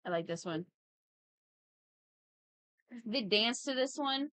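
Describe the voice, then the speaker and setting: A woman's voice: fairly high pitch, animated, slow pace, fairly bright tone, no echo. Playful woman chatting on a livestream. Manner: chatty, playful, reads chat aloud. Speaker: livestream host. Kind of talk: casual livestream chat while drawing.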